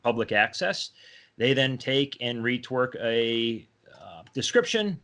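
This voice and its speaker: A man's voice: mid-range voice, animated, slow pace, bright, forceful tone. A man co-hosting a podcast who manages his own rentals, sharing an experience in casual, slightly rambling chat. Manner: conversational, rambles a little with restarts. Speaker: podcast co-host, landlord.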